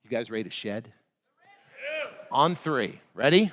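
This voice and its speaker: A man giving a hyped motivational seminar speech to a live crowd, shouting chants. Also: on the high side, big pitch swings, normal speed, pauses often. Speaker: motivational speaker. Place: large event hall. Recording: reverberant hall.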